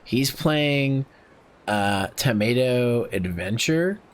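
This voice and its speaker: A man's voice: medium pitch, lively intonation, drawn-out words. A man hosting a game stream in casual chat, swearing freely and laughing often. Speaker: streamer host.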